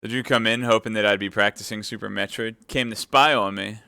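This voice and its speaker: A man reading a classic novel aloud on a live stream, steady narration with chatty asides to viewers. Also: fairly low pitch, brisk, gravelly, clean tone, no echo, clean studio sound.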